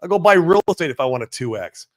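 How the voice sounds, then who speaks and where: Brash and foul-mouthed, a man runs a laid-back crypto livestream, lurching from loud hype to muttered asides while reading chat. His voice sits a bit high, and he talks fast and animatedly.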